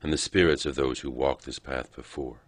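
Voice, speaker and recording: A man narrating a documentary in a solemn, steady scripted style. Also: rumbling low, normal speed, no echo.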